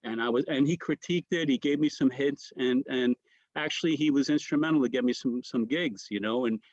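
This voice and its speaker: A man's voice: mid-range voice, fairly quick, darkish tone, no room sound, dull audio. A man, a comedian guest, telling rambling stories and mimicking the voices of others. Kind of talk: storytelling anecdotes.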